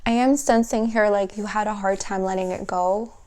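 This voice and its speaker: A woman giving an intuitive tarot reading, talking softly and slowly in a dreamy way, often trailing off and starting her sentences again. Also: mid-range voice, steady tone. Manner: soft, slow and dreamy, trailing off and restarting; emotional, at times laughing through tears. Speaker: tarot reader.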